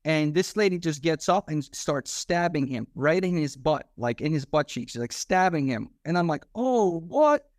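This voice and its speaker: Animated slangy man telling a story. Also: fairly high pitch, moderate pace, few pauses, no echo, studio quality. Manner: animated, slangy, acts out quoted dialogue. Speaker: podcast guest, former police officer. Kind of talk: casual storytelling interview.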